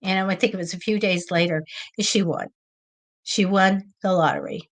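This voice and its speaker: A middle-aged woman hosting a live psychic show, chatting casually and telling excited stories with lots of acted-out quotes. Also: mid-range voice, normal speed. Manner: chatty storyteller, lively and excitable, acts out quoted voices. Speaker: psychic reader and show host. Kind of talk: casual live-stream chat.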